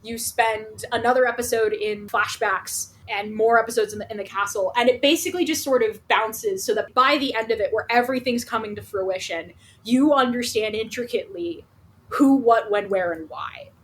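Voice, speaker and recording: A woman's voice: a little high, moderate pace, slight background noise, low-quality recording. A woman co-hosting a podcast, summing up a show's plot in casual chat and swearing freely. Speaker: podcast co-host.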